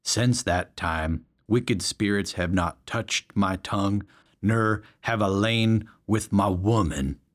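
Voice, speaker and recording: A man voicing a big, simple reformed drunk who reads his confession slowly and haltingly. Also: fairly low pitch. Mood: earnest. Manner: slow, halting reading with slips.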